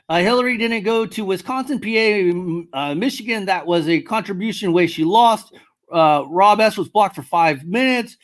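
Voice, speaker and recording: A livestream host casually answering viewers' comments, blunt and swearing, rambling and correcting themself as they think aloud, rising sharply in pitch when worked up. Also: moderate pace.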